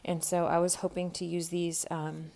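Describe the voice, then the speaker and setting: A woman's voice: fairly low pitch, level tone, moderate pace, vocal fry, dark tone. A woman in her thirties, a homeschool vlogger, chatting casually at home as she thinks aloud with frequent ums. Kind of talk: casual unboxing narration. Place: home, by a table with a tripod camera. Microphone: camera mic on a tripod.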